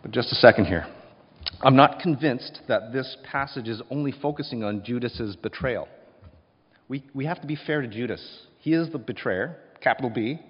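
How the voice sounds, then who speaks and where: A male pastor preaching a sermon, swinging between hushed and loud passages and acting out voices. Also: medium pitch, normal speed, husky. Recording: dull sound with long hall reverb.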